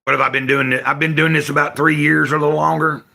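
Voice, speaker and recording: Here's a livestream host, an older Tennessee man with a Southern accent, casually rambling to his audience from home in a folksy, self-correcting way. His slightly high voice is creaky and sharp, holding a level tone at a quick pace.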